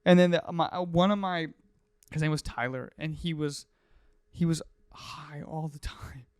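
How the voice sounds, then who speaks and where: This young man, in his twenties, hosts a podcast and tells stories energetically, imitating characters and sound effects as he chats. His voice leans high and smooth at a normal speed, captured in a dry, clean studio recording.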